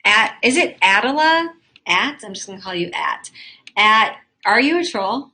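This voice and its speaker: A woman's voice: on the high side, lively intonation, a little slow, pushed and bright. A woman hosting a live webcam chat room, reading out viewer comments in a chatty, flirty, easily flustered way. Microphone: phone or webcam mic.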